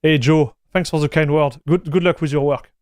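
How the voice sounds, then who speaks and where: A man with a French accent hosts a live stream in a chatty, easygoing way, answering viewer messages and tossing in dude and broski. His voice sits a little high for a man and sounds dry and close, with no room echo. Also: steady tone, normal speed, darkish tone. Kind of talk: casual live-stream chat.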